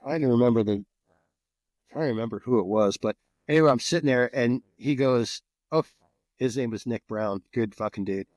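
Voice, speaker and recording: A man's voice: medium pitch, moderate pace, no echo. Man from New Jersey telling stories casually. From New Jersey, USA. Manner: swears freely, animated storytelling. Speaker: podcast guest, former soldier. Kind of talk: casual storytelling.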